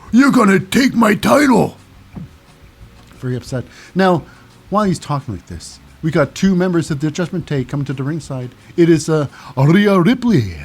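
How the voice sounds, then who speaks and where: A man's voice: on the high side, darkish tone, breathy edge. A man hosting a casual wrestling recap, rambling along with frequent fillers and self-corrections. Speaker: recap show host.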